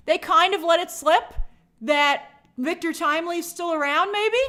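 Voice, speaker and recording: A woman's voice: sits high, moderate pace. A woman hosting an entertainment news show, talking in a casual, sarcastic and exasperated way. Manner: animated, sarcastic, exasperated asides. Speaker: show host. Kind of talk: casual opinionated commentary.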